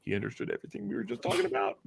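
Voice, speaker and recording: A man's voice: high-pitched, fast, gravelly, background noise. A man host in casual chat, animatedly retelling old radio bits and acting out the voices. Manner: animated storyteller, acts out voices. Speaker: show host.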